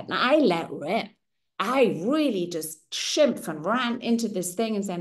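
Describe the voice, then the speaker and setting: A woman's voice: medium pitch, normal speed. Candid middle-aged woman, German native. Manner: candid, expressive, often adds "right?". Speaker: women's circle host. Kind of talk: personal storytelling talk.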